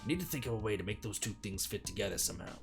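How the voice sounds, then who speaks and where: A man voicing a gruff, hot-tempered young man who talks loudly and demandingly while reading a game aloud. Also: fairly low pitch, animated, racing, faint music behind, voice pushed down. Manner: loud, demanding.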